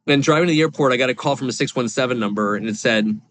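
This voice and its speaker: A man in his forties shares a personal story as a podcast guest. He rambles candidly, with plenty of fillers and restarts, at an ordinary pitch. The sound is dry and close. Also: racing, hardly any pauses, fairly bright tone, no echo. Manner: rambling, confessional, lots of fillers. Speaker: podcast guest, real estate investor.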